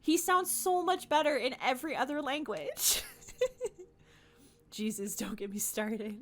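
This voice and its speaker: A young woman streamer giving casual, animated gaming commentary, ranting and giggling. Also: sits high, a little slow.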